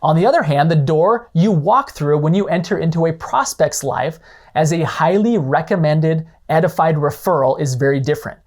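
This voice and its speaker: A man's voice: on the high side, expressive, normal speed, a little mellow. A man hosting an instructional podcast, explaining ideas in a conversational way with frequent checking-in questions. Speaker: podcast host. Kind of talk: instructional monologue.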